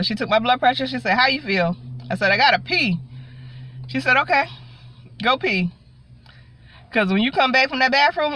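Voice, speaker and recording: A woman's voice: high voice, fairly bright tone. A woman, from South Carolina, telling a personal story in a chatty way from her parked car, often calling out to her viewers and acting out what people said. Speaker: vlogger. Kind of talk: casual storytime monologue. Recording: dull lo-fi audio.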